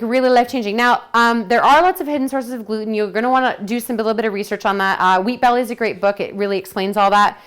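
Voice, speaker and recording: A woman's voice: mid-range voice, clean tone. A woman presenting a detox program to a group, talking chattily and enthusiastically and acting out her own quotes.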